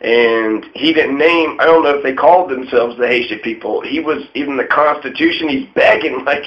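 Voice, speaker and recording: A man's voice: mid-range voice, normal speed, muffled recording. A man giving a casual, rambling history monologue, full of digressions and the odd swear word. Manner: digressive, profane, conversational. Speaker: history talk host.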